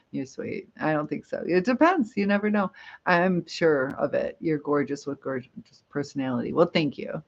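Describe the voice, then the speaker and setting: Woman doing a casual live chat, reads comments out loud, laughs easy, kinda muffled audio. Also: rumbling low, gravelly. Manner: chatty, reads comments aloud, laughs often. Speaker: live stream host reading viewer comments.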